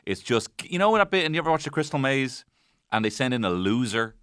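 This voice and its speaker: Rambling, sweary podcast host. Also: male voice, mid-range voice, big pitch swings, brisk, a bit bright, clean tone, no echo, studio quality. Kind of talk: comedic episode recap. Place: podcast studio.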